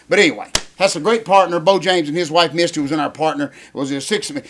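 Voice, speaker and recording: An older man, a retired wrestler co-hosting a casual chat, given to excitable, rambling rants. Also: fairly high pitch, quick pace, hardly any pauses.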